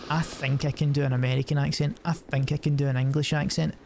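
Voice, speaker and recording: A man's voice: mid-range voice, little pitch movement, fast talker, gravelly, a little mellow, a little hiss or hum. A man rambling and swearing casually while streaming a game. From Scotland. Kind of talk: casual gameplay commentary.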